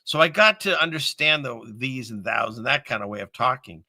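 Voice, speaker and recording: Middle-aged male host, rambling, laughs a lot, very bright voice, dry close mic. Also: mid-range voice, expressive, fairly quick, no room sound. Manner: rambling, laughs often, chatty. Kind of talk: casual talk show chat.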